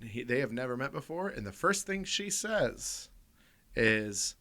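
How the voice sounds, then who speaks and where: A man's voice: mid-range voice, very animated, a little slow, pushed and bright. A man with an American accent co-hosting a comedy podcast, telling profane stories and laughing through them. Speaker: podcast co-host. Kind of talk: casual storytelling.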